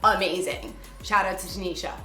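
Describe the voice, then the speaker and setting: A woman's voice: fairly low pitch, brisk, pushed and bright. Bubbly young woman in an echoey room. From New York. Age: 20s. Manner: bubbly, upbeat, chatty. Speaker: video producer and host. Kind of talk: home tour vlog. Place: her apartment. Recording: echoey room, faint background music.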